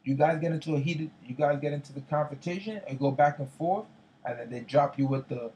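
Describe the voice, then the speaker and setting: A man's voice: a little high, brisk, dull audio. Slangy man telling a story casually. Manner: animated retelling, heavy slang and profanity, repeats itself. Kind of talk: casual chat.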